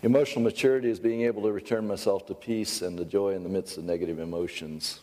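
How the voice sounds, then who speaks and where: A middle-aged American pastor giving a folksy, conversational sermon with storytelling asides. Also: male voice, deep voice, fairly even intonation, fast, dark tone, in a large hall.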